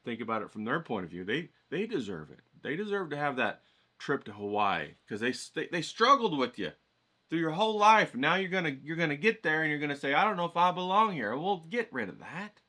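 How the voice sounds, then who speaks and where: Middle-aged man, bright forceful tone, folksy motivational vlogger, swears, hypes up the viewers. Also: a little high, sing-song, a little fast. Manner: hyped, folksy, swears freely, talks to viewers directly. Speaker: watercolor vlogger. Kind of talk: casual motivational pep talk to camera.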